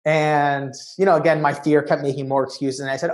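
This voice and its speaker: A man speaking as a conference keynote speaker, telling a story in an animated way and often saying "you know.". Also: on the high side, brisk. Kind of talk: storytelling talk.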